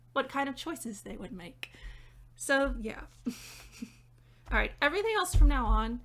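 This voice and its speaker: A young woman talking through a theater review in a chatty, animated way, often laughing between points. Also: fairly high pitch. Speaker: theater critic and dramaturg. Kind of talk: casual video review. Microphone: reading notes off-camera.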